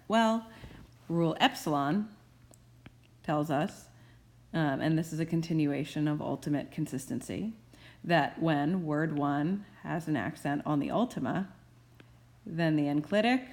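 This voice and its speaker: A woman's voice: deep voice, a little slow, darkish tone. A woman professor giving a recorded grammar tutorial, explaining rules carefully with playful asides. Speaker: Greek professor.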